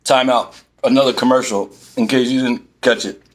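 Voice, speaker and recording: At a moderate pace and medium pitch, an exasperated man from Philadelphia rants through a storytime vlog. He sits in a parked van, acting out the quoted back-and-forth with animation.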